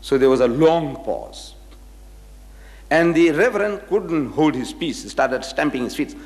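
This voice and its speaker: A man's voice: on the high side, lively intonation, a little slow, a little mellow, in a large hall, a little hiss or hum. An older man giving a religious lecture to an audience, telling anecdotes and acting out the voices of the people in them. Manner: storytelling, acting out quoted voices.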